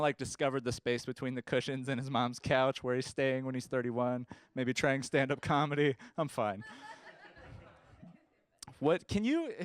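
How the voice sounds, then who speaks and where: A man's voice: medium pitch, smooth, no room sound. Rambling young man doing stand-up. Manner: rambling, self-deprecating, halting restarts. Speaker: stand-up comedian. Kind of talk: stand-up set. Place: comedy stage before a live audience.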